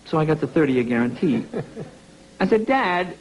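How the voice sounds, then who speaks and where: A man's voice: on the high side, big pitch swings, moderate pace, lo-fi sound, slight background noise. A middle-aged man, a talk show guest, telling a comic story and acting out his parents' voices in a TV studio. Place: TV studio with live audience.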